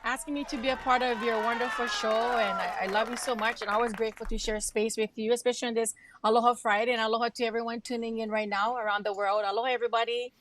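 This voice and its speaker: A woman's voice: fairly high pitch, level tone, fast, few pauses, a bit bright, slight background noise. A woman from Hawaii with a Hawaiian accent, telling her story as a guest on a livestream in an effusive, heartfelt way. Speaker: guest, radio host and emcee. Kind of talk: livestream interview.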